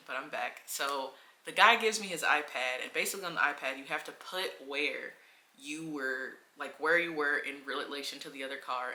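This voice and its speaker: A woman vlogger tells a story straight to camera, casual and animated, leaning on filler words as she goes. Her voice is very bright and sharp, and the room around her sounds roomy and echoey. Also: extremely low pitch, vocal fry, a little hiss or hum. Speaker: travel vlogger.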